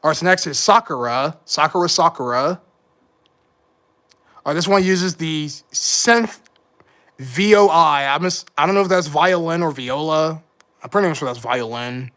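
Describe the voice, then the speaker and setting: A man running a casual livestream speaks at a moderate pace in a voice that's a little high and fairly bright. His live commentary rambles, with self-corrections and a hint of frustration.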